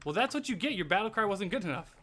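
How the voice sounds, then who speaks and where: A young man hosting a multiplayer game session, stammering and rambling as he plans out loud. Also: high-pitched, lively intonation, very fast, slight background noise. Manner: stammering, thinks aloud while planning. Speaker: let's play host. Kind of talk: casual gaming chat.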